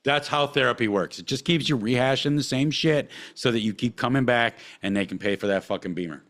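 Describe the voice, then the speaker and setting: Profane, heated man ranting. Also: brisk. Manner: heated, swearing constantly, swings between low mutters and loud outbursts. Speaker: podcast host.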